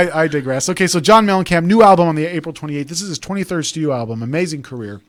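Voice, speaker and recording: A man's voice: on the high side, animated, rapid-fire, hardly any pauses, no room sound. A man hosting a talk radio show, chatting casually and rambling into digressions.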